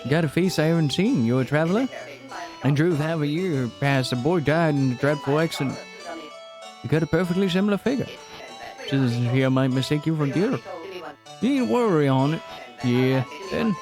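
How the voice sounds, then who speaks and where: A man's voice: a little high, lively intonation, moderate pace, music in the background, voice pushed up. A man voicing a blunt, folksy male townsman in a game, reading lines aloud with old-fashioned phrasing. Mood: gruff.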